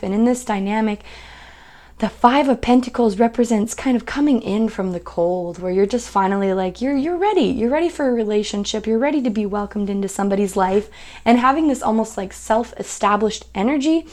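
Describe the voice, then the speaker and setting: A woman's voice: fairly high pitch, warm tone. A young woman giving a casual tarot reading, chatty and reassuring, with lots of fillers and playful quoted voices. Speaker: tarot reader.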